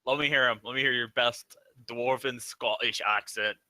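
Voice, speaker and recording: A man's voice: medium pitch, steady tone, normal speed, bright, forceful tone, rough recording. A man playing a tabletop game with friends, talking casually and hesitantly, often searching for words. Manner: hesitant, lots of uhs and restarts. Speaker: player. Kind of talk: casual gaming chat.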